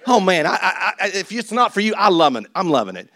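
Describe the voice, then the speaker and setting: A man preaches a lively sermon in a fairly high voice, picked up dry and close on a mic. He swings from loud exhortations to quiet, laughing asides. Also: fast talker, no echo. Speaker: pastor. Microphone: handheld or stage mic.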